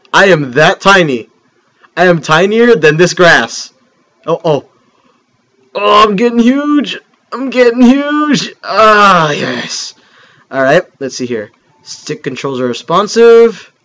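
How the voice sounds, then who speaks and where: A man doing casual gameplay commentary. He is excitable and joking, with sudden loud outbursts. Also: on the high side, rough recording. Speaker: let's play host.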